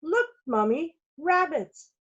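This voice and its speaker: A bright, squeaky little boy, wide-eyed and eager to see everything, calling out in high exclaims, as a woman reading aloud puts him on. The sound is slightly dull and lo-fi. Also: lively intonation, moderate pace, slightly rough. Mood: excited. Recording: dull lo-fi recording.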